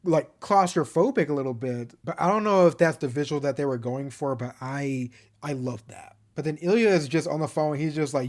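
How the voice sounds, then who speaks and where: A man's voice: mid-range voice, brisk, a little mellow. A man giving a casual, rambling recap of a TV show, full of "like" fillers and fond enthusiasm. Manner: chatty and rambling, many "like" fillers and restarts. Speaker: TV show reviewer.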